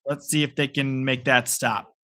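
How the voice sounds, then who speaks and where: A man's voice: mid-range voice, flat delivery, normal speed, pushed and bright. A man hosting a live play-by-play reaction stream, playful and rambling between calls. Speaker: sports stream host.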